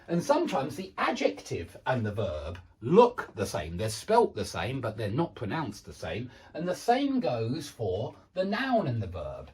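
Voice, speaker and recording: A man with a husky voice gives an online English pronunciation lesson. His pitch swings widely up and down as he chats casually and pokes fun at himself. He slows right down to say each example word clearly. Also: a little mellow. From England. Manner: chatty, self-deprecating, slows to model words. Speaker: English teacher.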